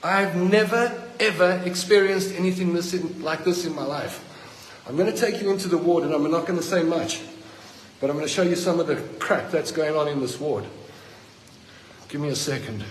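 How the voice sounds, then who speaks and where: Filming himself on his own phone in a hospital ward, a middle-aged South African patient delivers a furious rant. He speaks at a moderate pace in a fairly high voice, and the low-quality audio carries echo like a large hall plus slight background noise. His South African English is indignant, accusatory and heated.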